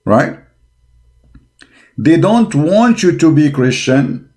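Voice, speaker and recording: A man's voice: sits high, expressive, unhurried, long pauses. A man giving a combative religious monologue, blunt and scornful, speaking emphatic English with broken grammar. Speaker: religious polemic commentator.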